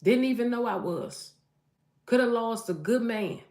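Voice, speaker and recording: A woman's voice: on the high side, a little slow, a little mellow. Roomy-sounding woman preaching to camera. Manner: emphatic, exhorting, repeats phrases for emphasis. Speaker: mother and online vlogger. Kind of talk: preachy motivational talk to camera. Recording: roomy echo.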